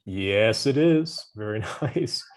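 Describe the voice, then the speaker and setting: A man's voice: on the low side, lively intonation, slow. A man tutoring English vocabulary over a video call, patient and encouraging, giving hints and praise. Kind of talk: online vocabulary lesson.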